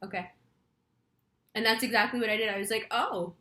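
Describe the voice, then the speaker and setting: A woman's voice: a little high, flat delivery, fast, sharp tone, reverberant. A woman astrology reader telling a rambling story in a casual monologue, chatty and swearing freely.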